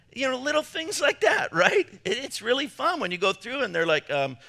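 Animated joking preacher man. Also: very high-pitched, normal speed, gravelly. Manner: animated, jokey, acts out voices. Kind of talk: humorous sermon to a men's gathering.

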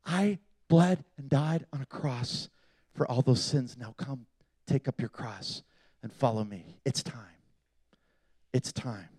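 A man voicing God as a male figure, speaking in a hushed, slow, pleading way within a sermon. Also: sits high, big pitch swings, dry recording, clean studio sound. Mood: tender. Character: God, a male voice, tender and solemn.

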